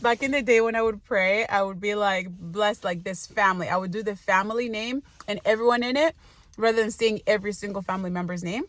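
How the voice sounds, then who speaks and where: A woman's voice: medium pitch, fast talker, no echo. A woman in her late twenties talking casually in a vlog, rambling with lots of fillers and laughs. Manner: munching while talking. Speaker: vlogger.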